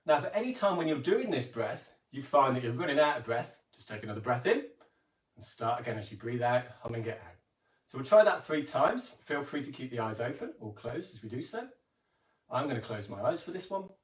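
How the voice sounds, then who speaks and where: A man gently guiding a yoga and breathing session and reading a story aloud. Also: mid-range voice, brisk. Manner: calm, gentle instructions with soft hums. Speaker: yoga teacher. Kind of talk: guided kids' yoga and storytelling. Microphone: camera mic at a distance. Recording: roomy, distant camera mic.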